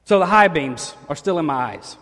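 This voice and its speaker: A man preaching as a pastor, telling a personal story in an animated, joking way. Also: a little high, moderate pace. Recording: echoey hall.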